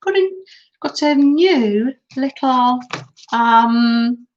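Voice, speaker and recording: A woman's voice: high voice, lively intonation, drawn-out words. Chatty, giggly woman crafter. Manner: chatty, giggly, talks to viewers while working. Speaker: crafting live-stream host. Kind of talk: casual crafting tutorial chat. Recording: dull lo-fi sound.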